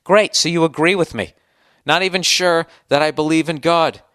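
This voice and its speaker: A man's voice: a little high, fairly even intonation, moderate pace, a bit bright, clear, resonant tone, no echo, clean studio sound. A man from the United States hosting a podcast, ranting in a sarcastic, profane and exasperated way. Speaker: podcast host. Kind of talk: comedic podcast rant.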